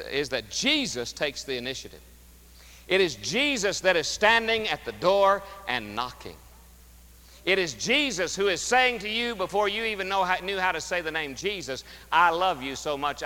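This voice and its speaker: A man's voice: on the high side, expressive, moderate pace. Emphatic preacher man in a reverberant sanctuary. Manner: emphatic, swings from loud to hushed. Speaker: pastor. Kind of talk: sermon. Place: church sanctuary.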